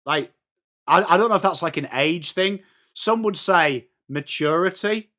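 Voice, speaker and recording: An English man hosting a fan watchalong, chatting through the match as live fan commentary and breaking into shouts at big plays. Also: high voice, unhurried. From England.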